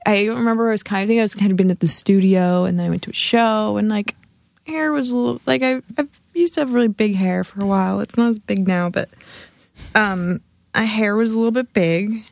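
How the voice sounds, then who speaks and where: A woman's voice: medium pitch, a little fast, gravelly, no room sound. A woman guest on a chat show, telling a story casually with lots of fillers and acted-out quotes, in her thirties. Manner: animated, many fillers, acts out quotes. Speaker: podcast guest, singer-songwriter.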